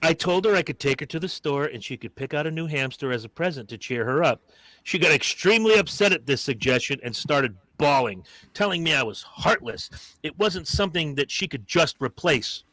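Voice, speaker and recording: Bright-voiced, sarcastic podcast host man. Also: on the high side, a little fast, dry recording. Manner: animated, sarcastic, swears freely. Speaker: podcast host reading a listener story. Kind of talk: casual comedic podcast chat.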